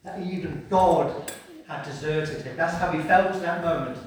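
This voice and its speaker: A man preaching a sermon and reading scripture, swinging between hushed and loud delivery. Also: a little high, moderate pace. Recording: echoey hall picked up from a distance.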